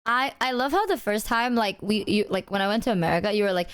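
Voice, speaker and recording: A young woman in casual chat, telling animated stories, cursing freely and mimicking voices. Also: mid-range voice, quick pace, few pauses, clean tone. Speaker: streamer.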